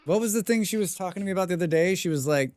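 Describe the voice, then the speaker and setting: A man on a live game stream, chatting loosely with his viewers and reading their messages aloud. His voice sits a little high for a man, and the sound is close and dead, with no room around it. Between remarks he hums and mumbles to himself. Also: racing, darkish tone, no echo. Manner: reads viewer chat aloud and answers with dry, rambling jokes. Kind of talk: casual live-stream chat while playing a survival game.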